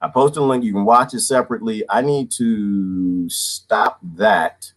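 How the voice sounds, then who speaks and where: A man's voice: on the low side, a little slow. A man in his twenties ranting casually on a livestream, slangy and laughing often. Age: 20s. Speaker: vlogger.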